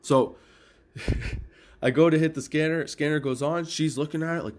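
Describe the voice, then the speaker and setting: Speaking at a moderate pace with long pauses, this podcast host has a voice on the higher side. The middle-aged comic tells a loose, animated tale packed with swearing and laughs at his own gags.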